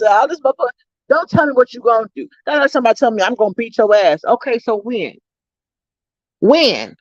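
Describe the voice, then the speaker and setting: A woman's voice: on the high side, dry recording. A woman hosting a livestream, ranting at viewers in a profane, confrontational, emphatic way. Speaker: YouTuber livestream host. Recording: dull lo-fi dry sound.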